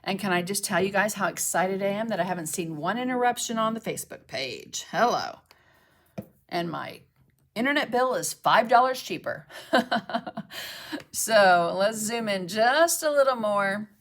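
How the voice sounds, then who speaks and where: A woman with a medium-pitched, fairly bright voice, lively intonation and a moderate pace leads a live painting demonstration. This mixed media art instructor chats to viewers as she paints, checks in with "okay?", and stops to greet and thank commenters.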